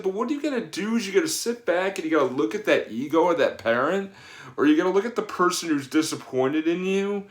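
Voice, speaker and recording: A man's voice: mid-range voice, echoey room. A man in his thirties, a personal trainer, giving casual advice in a rambling way with many fillers and restarts. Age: 30s.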